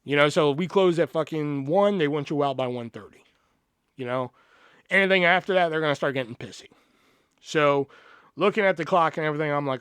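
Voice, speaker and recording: A man in his thirties telling work stories on a podcast, animated and full of swearing, acting out what people said. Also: on the high side, fairly quick, clear, resonant tone, dry recording. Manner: animated, swears a lot, acts out quotes. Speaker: podcast host. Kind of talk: casual storytelling.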